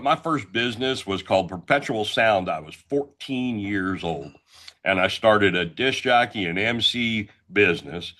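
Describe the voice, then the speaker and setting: A middle-aged man from the Northeastern United States, a guest entrepreneur telling his story in a loud, brash, blunt way. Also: on the low side. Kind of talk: casual talk show storytelling.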